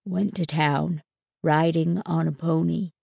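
A woman reads aloud as a strange, childlike grown farmhand who speaks slowly and haltingly in a lowered voice. He sounds simple and superstitious. The reading is slow and dry, close to the mic. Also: vocal fry, darkish tone, no room sound. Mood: quiet.

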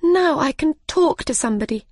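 A woman's voice: high voice, expressive, fairly quick, a little mellow, dry recording, studio quality, pitched above the performer's own voice. A woman voicing Alice, a curious young girl who speaks bluntly and a little impolitely. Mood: plucky.

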